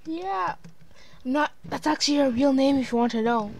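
A woman guest chatting casually, excitable and full of exclamations. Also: sits high, normal speed, vocal fry. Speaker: guest friend. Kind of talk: casual chat.

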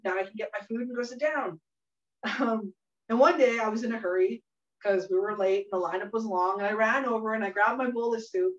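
A woman hosting a cooking workshop, telling a funny story in a chatty way and laughing often. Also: a little high. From Canada. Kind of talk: casual storytelling while cooking. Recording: echoey room, mic at a distance, dull sound.

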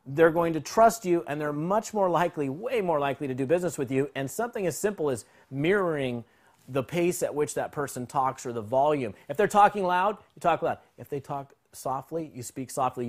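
A man teaching a sales phone script in an energetic, conversational way, acting out both sides of calls. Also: fairly high pitch. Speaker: sales trainer.

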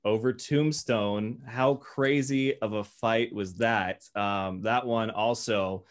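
A man's voice: fairly low pitch, fairly even intonation, slow. A man hosting a casual chat, easygoing, leaning on fillers and rattling off lists of names and records. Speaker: host.

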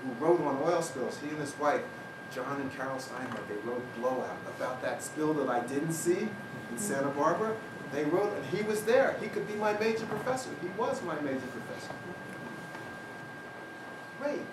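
An older man gives a university talk as a personal story, slipping into the voices of the people he met along the way. His voice sits somewhat high, and the recording sounds like a reverberant lecture hall captured from a distance. A loud steady ambience runs underneath. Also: moderate pace, background noise. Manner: animated storyteller, acts out other people's lines.

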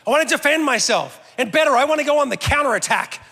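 High, bright-voiced preacher man in a reverberant hall. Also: animated, fast, gravelly. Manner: conversational, self-deprecating humor. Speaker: pastor. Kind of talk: sermon.

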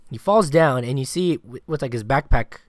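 A man's voice: medium pitch, brisk, no room sound. Rambling male podcast co-host, dry sound. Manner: rambling storyteller, heavy on filler words and swearing. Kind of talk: casual sports chat.

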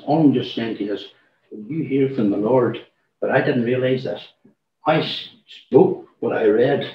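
A man's voice: medium pitch, slight background noise. A man gives an informal church testimony, rambling through his story and acting out what people said. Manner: rambling storyteller, acts out quoted dialogue. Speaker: church speaker giving a testimony. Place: church hall. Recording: roomy, distant, dull church recording.

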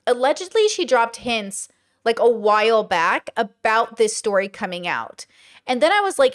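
A woman's voice: a little high, big pitch swings, moderate pace. A woman hosting casual commentary, talking in a chatty way with many fillers and rhetorical questions. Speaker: commentary host.

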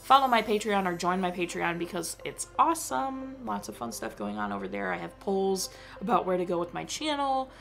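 A woman's voice: lowish voice, sing-song, a little fast, creaky, few pauses, fairly bright tone, faint music behind. A young woman chatting casually as she reviews a movie for her vlog, filling her talk with "like.". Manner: chatty, full of "like" fillers.

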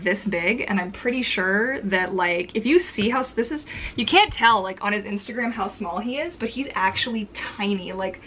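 Woman home vlogger, mid pitch, chatty and rambling, talking to camera indoors. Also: fairly bright tone, slight background noise. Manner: chatty and rambling, heavy on filler words. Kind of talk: casual vlog chat to camera. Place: home filming corner, indoors.

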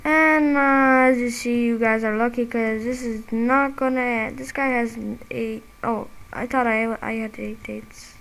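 Woman, gameplay commentary, excitable, rage-prone, apologetic, unhurried delivery, slightly high voice. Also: vocal fry, low-quality recording. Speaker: gamer and channel host.

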